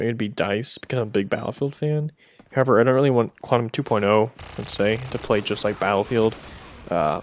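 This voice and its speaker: A man's voice: mid-range voice, a little hiss or hum. A young man answering viewer questions in a casual, chatty way, with joking asides. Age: young adult. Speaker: gaming video creator.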